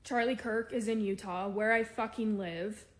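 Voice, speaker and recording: A woman's voice: medium pitch, fairly even intonation, moderate pace. A woman in an enraged reaction video, swearing and shaky with fury.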